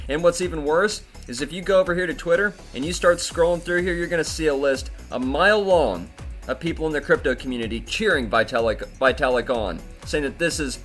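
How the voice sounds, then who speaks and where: A man's voice: on the high side, fairly quick, fairly bright tone, soft background music. Angry, cursing man ranting about crypto. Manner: profane, heated ranting. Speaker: crypto video host. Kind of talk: angry crypto news commentary.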